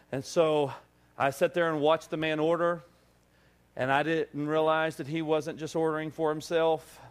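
A male pastor preaching to his congregation, telling a story with lively, acted-out dialogue. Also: fairly high pitch, clear, resonant tone. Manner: animated storytelling, acting out dialogue. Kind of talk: sermon. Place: church service.

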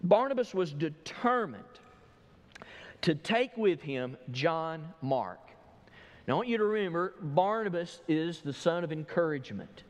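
Brief: male pastor, slightly higher voice, expository sermon in a church with long reverb. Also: lively intonation, moderate pace, dull audio. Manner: expository, tells listeners what to underline. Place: church sanctuary.

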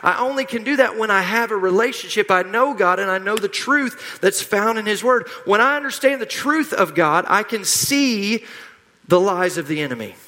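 A middle-aged pastor preaches with a high-sitting, animated, sharp voice at normal speed. He is emphatic and repetitive, drawing the congregation into call-and-response, with long hall reverb on the recording.

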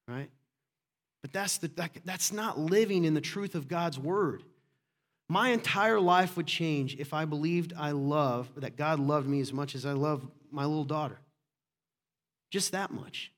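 A middle-aged pastor preaching with a somewhat high voice. He talks with passion and emphasis, often pushing into loud, fervent bursts. His delivery is that of a sermon to a congregation.

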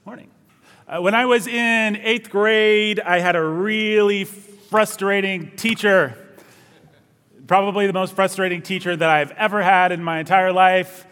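Young guy pastor, chatty storytelling sermon, a bit high voice. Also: fairly even intonation, a little slow, fairly bright tone, clear, resonant tone, long reverb tail. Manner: conversational, storytelling, self-deprecating asides. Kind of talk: sermon with opening prayer. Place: church.

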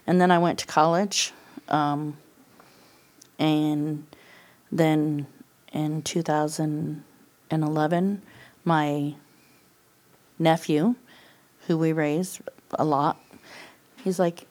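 Guesting on a podcast, a middle-aged woman recounts her personal testimony candidly and casually, in a low, slightly mellow voice. Her tone stays level and she speaks slowly with long pauses. She laughs frequently and acts out quoted lines.

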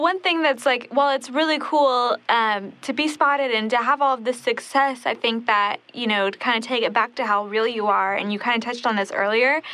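A friendly woman hosts a podcast interview with a slightly high voice. She asks long, winding questions with a relaxed, conversational flow. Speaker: podcast host.

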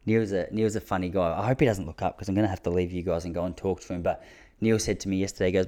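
A man's voice: low-pitched, fairly even intonation, rapid-fire. A man telling rambling stories to his audience from his backyard, often restarting his sentences. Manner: rambling, self-interrupting, drops to a hushed mutter when the neighbour passes. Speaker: vlogger talking to his audience. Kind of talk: casual storytelling monologue.

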